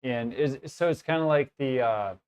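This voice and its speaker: A man's voice: medium pitch, moderate pace, darkish tone, clean tone. A man with a Chicago accent, a guest telling a rambling story in casual chat and laughing often.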